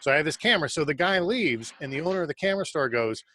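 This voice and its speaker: A man who is a guest on a video call, telling an animated, casual story and using lots of "like". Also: on the high side, rapid-fire, slight background noise.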